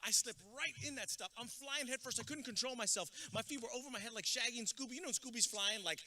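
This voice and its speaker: A man giving a comedic, energetic graduation speech as a motivational speaker, dropping in Spanish words. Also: very high-pitched, fast talker, hardly any pauses. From Texas. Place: outdoor graduation ceremony with stands.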